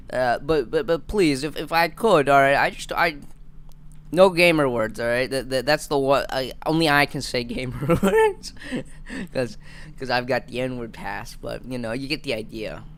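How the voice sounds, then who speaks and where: A man's voice: medium pitch, a bit bright. A man in his twenties hosting a live stream, rambling and stammering through casual jokes. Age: 20s. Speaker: livestream host.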